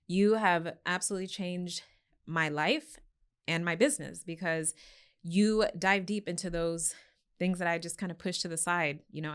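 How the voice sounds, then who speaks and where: A woman's voice: lowish voice, a bit bright, smooth. A woman hosting a podcast, talking in an earnest, reflective way and often agreeing with her guest. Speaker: podcast host. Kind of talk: casual conversation.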